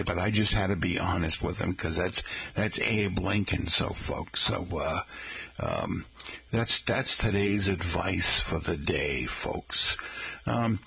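Gravelly, chatty male radio host. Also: sits low, a bit bright. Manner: rambling, folksy, chatty asides to listeners. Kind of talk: casual radio talk.

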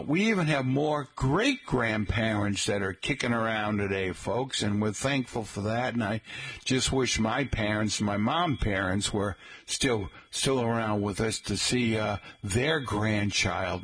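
Middle-aged guy chatting on the radio, husky voice, folksy and rambly, keeps saying folks. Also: on the low side, expressive, a little slow, a bit bright. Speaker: radio host. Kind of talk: casual radio talk.

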